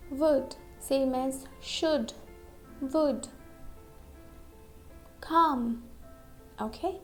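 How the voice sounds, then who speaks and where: A woman teaching English pronunciation in a slow, deliberate lesson, repeating each word and often checking in with "okay?". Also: sits high.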